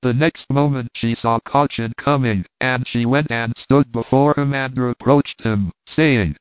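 A man narrating a story in the first person with measured, earnest delivery. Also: mid-range voice, fairly even intonation, no echo. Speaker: audiobook narrator. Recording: dry, tinny phone-like sound.

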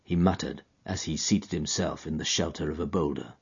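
Male audiobook narrator, dramatic and drawn-out, husky voice, dull lo-fi recording. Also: a bass voice. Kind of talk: expressive literary narration.

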